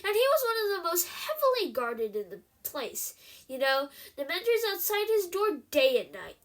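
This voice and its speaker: A woman reading aloud, voicing a middle-aged male minister who tells a grim story in a solemn, halting way. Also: very high voice, huge pitch swings, full character voice. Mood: grave.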